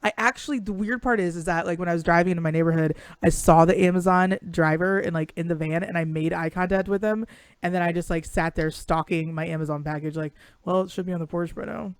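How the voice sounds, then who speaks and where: A woman's voice: fairly low pitch, steady tone, fast, smooth, no room sound. A young woman co-hosting a live stream over a video call, telling rambling stories bluntly with plenty of swearing. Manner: blunt, profane, rambling storyteller. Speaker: co-host. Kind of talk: casual live-stream chat.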